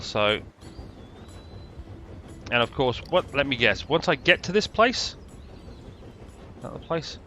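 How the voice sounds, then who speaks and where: Middle-aged British male game commentator, dry sarcasm, bright voice, faint noise behind. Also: medium pitch. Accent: British English. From Britain. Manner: dry, sarcastic, rambling asides. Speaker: gameplay commentator. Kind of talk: casual gameplay commentary.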